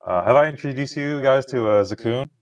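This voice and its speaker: A man introducing his character in a tabletop role-playing game, speaking in a relaxed, hesitant way with many fillers. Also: medium pitch, brisk, dull audio, slight background noise. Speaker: tabletop player.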